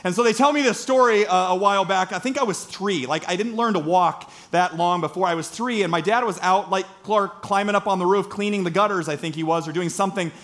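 A man's voice: high voice, brisk, few pauses, a bit bright. A man in his thirties from Iowa preaching a sermon, earnest and storytelling, asking the congregation questions. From Iowa, United States. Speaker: pastor.

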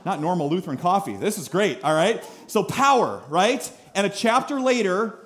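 A man in his thirties preaching a sermon in a church, conversational and animated, full of rhetorical questions. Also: sits high, normal speed. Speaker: pastor. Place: church sanctuary.

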